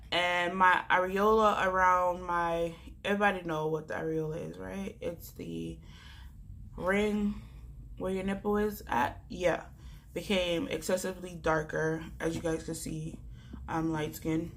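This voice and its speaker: A woman's voice: fairly low pitch, measured pace, bright, forceful tone. A young woman from Jamaica, chatting casually and animatedly to her vlog viewers. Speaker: vlogger.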